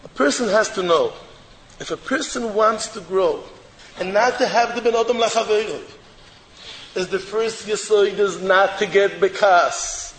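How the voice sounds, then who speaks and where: High-voiced preacher in an echoey hall. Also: male voice, a little slow, slight background noise. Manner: emphatic, repeats rhetorical questions, sometimes shouts. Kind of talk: sermon. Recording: echoey hall with faint ambience.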